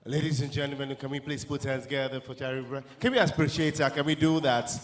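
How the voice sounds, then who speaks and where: A man hosting an event, briskly calling audience members up to ask questions in a large hall. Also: medium pitch, fairly even intonation. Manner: urging the audience briskly from a distance. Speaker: event host.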